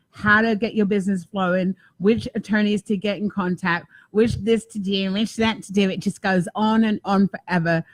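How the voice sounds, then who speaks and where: A woman's voice: medium pitch, no echo. A woman hosting a casual talk show, effusive and emphatic, often repeating words for emphasis. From United States. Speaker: talk show host and life coach.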